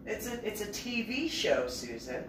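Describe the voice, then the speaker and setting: A woman's voice: medium pitch, big pitch swings, pitched above the performer's own voice, lightly acted. A woman voicing an exasperated, incredulous schoolboy in a remembered story. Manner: incredulous, drawn-out exclamations. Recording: roomy, distant mic, noisy background.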